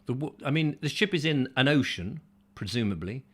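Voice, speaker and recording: Male host, comic rambling delivery, rhetorical asides, very animated pitch. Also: brisk. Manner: jokey, rhetorical questions, mock-confused asides. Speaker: show host reading viewer comments.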